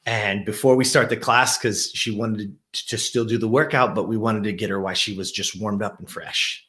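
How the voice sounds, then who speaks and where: A middle-aged man, a gym owner and host, telling a motivational story to camera, rising with excitement and dropping low to reflect. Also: normal speed.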